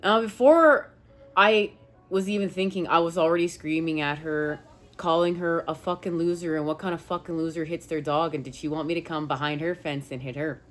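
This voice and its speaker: A woman's voice: on the low side, a bit bright. A woman tarot reader telling viewers a personal story in an emphatic, rambling way, swearing now and then. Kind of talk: casual spiritual talk to viewers.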